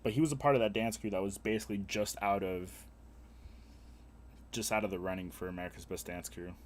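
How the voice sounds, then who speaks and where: A young man streams live, bantering with chat in a crude, profane, joking way. His voice sits on the low side. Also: fairly even intonation, fairly quick, slight background noise.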